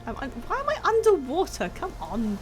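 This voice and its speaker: Excitable high-voiced woman streamer. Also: brisk, music in the background. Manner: chatty, excitable, laughs at herself. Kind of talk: casual live-stream chat while gaming.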